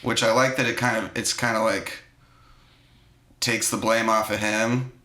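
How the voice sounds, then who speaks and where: A man's voice: on the low side, measured pace. A man co-hosting a podcast, chatting casually and animatedly about a film in slangy talk. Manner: animated, slangy, acts out movie lines. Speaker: podcast co-host. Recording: echoey room.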